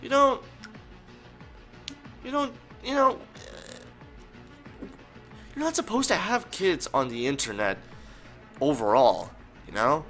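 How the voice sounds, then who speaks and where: A man's voice: fairly high pitch, takes it slowly, long pauses, bright, forceful tone, soft background music. A young man co-hosting a casual chat, joking and laughing often. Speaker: podcast co-host.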